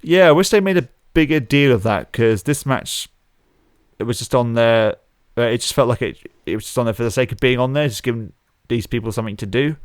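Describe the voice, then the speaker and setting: Smooth-voiced man, dry sound. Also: mid-range voice, brisk, no echo. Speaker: podcast co-host. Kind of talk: casual chat.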